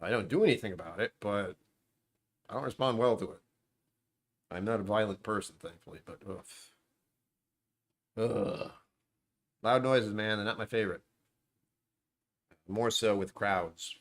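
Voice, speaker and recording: Low-voiced man rambling on a livestream. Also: moderate pace, pauses often. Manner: sarcastic, meandering, self-deprecating. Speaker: livestream host. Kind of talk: rambling casual livestream chat. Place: at home, dishwasher running nearby.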